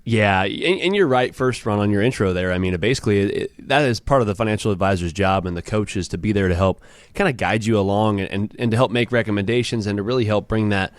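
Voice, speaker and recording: Low-voiced guy talking money fast, lots of uh's and restarts, dry sound. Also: dry recording. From Southern California. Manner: relaxed, with frequent fillers and restarts. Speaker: financial advisor. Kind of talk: casual radio chat.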